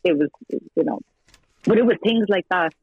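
An Irish woman with a lowish, slightly breathy voice talks at normal speed as a guest in a relaxed phone interview. As the subject's former partner, she tells her story in a chatty way, voicing quoted dialogue and laughing between lines. The line is dry and tinny, without echo.

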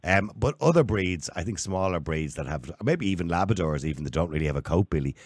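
Fast-talking low-voiced radio host. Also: male voice, animated, no room sound, studio quality. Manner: brisk, chatty, steers the conversation. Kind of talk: talk radio discussion.

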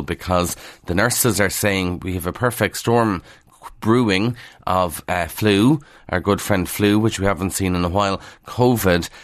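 A man with an Irish accent from Kildare, presenting a brisk morning newspaper review on radio with wry asides. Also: sits low, fairly bright tone, no echo, clean studio sound.

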